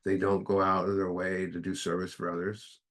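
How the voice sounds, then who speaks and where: Deep-voiced man leading a recovery study, earnest and plain-spoken, emphatic. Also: completely flat delivery, fairly quick. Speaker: speaker at a recovery book study. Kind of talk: recovery meeting talk.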